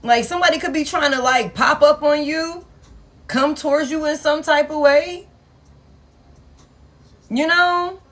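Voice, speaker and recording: A woman's voice: high-pitched, measured pace, long pauses, fairly bright tone. A woman tarot reader, chatting casually to viewers, laughing often and swearing as she acts out the people in her reading. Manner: laughing, profane, playfully acts out quoted people.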